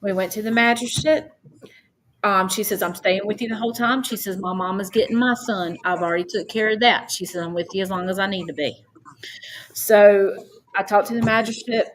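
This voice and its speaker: A woman's voice: mid-range voice, brisk, low-quality recording. A woman, a podcast guest earnestly recounting a personal story and quoting others at length. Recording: faint background noise.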